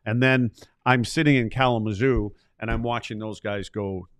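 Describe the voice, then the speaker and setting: Gravelly-toned older man telling stories. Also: on the low side, fairly even intonation, moderate pace, a bit bright, no room sound, clean studio sound. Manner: rambling storyteller, acts out quoted dialogue. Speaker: former player and podcast co-host. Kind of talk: casual podcast chat.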